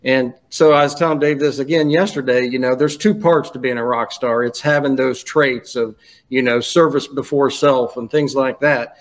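A man's voice: medium pitch, fairly even intonation, normal speed. Chatty man telling stories. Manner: storytelling, many restarts and "you know"s. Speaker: guest, retired school custodial administrator. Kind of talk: casual podcast conversation.

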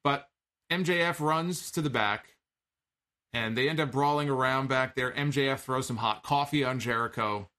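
A man's voice: medium pitch, moderate pace, bright, forceful tone. Wry, casual man recapping wrestling. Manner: conversational, wry asides, frequent "uh".

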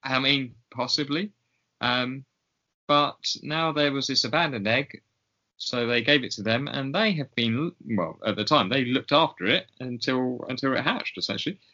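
A man's voice: medium pitch, moderate pace, pushed and bright. A man co-hosting a podcast in casual chat, talking in a chatty, hesitant way with many ums. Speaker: podcast co-host. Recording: slightly dull lo-fi sound.

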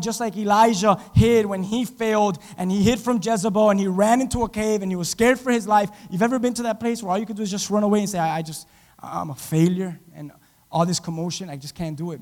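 High-voiced preaching man in a reverberant hall. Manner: dramatic, swings from loud to hushed, acts out quotes. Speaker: pastor. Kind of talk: sermon. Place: church.

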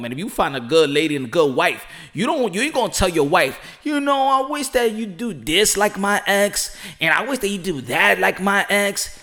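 A man's voice: on the high side, fairly bright tone. A man hosting his own podcast, talking casually and animatedly, repeating lines for emphasis. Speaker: podcast host. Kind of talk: casual monologue.

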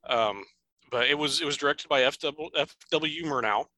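A man's voice: fairly high pitch, moderate pace, bright, forceful tone, dry recording, poor audio. A man co-hosting a podcast, talking casually about an old film in a thoughtful, rambling way. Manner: thoughtful, rambling, with fillers and restarts. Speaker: podcast co-host.

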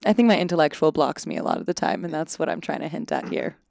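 A woman's voice: low voice, very animated, fast talker, creaky, darkish tone, no echo, studio quality. A woman in her twenties, an actor, chatting casually and self-deprecatingly in an interview, full of "like". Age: 20s. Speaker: actor guest. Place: Los Angeles.

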